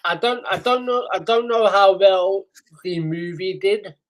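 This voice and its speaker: A man co-hosting a casual podcast chat over a remote call, agreeable and halting, with many fillers. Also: high-pitched. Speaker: podcast co-host.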